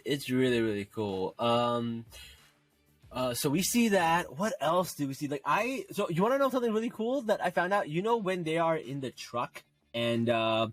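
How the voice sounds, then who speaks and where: A man's voice: mid-range voice, animated, normal speed, no room sound, soft background music. A man co-hosting a podcast, chatting with enthusiasm and lots of fillers like "like" and "you know". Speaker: podcast co-host. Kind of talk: casual chat.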